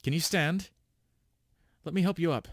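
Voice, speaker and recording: A man doing a calm, mature huntress woman. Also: a little high, normal speed, no room sound, clean studio sound, pitched above the performer's own voice. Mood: concerned. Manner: steady, concerned, matter-of-fact.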